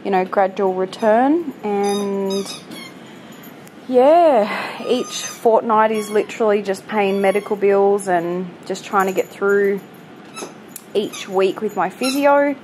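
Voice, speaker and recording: A woman's voice: mid-range voice, takes it slowly, darkish tone, a little hiss or hum, poor audio. A woman in her twenties giving a candid, hesitant update on her recovery from home, with lots of "you know" fillers while she is still on crutches. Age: 20s. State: recovering from hip surgery, on crutches. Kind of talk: casual personal update. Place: at home with pets nearby.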